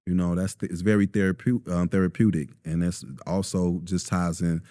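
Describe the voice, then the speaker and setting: Man, low warm voice, relaxed storytelling guest. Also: normal speed, no echo, clean studio sound. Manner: relaxed storyteller, many ums, acts out quotes. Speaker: store owner, guest. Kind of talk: casual interview talk.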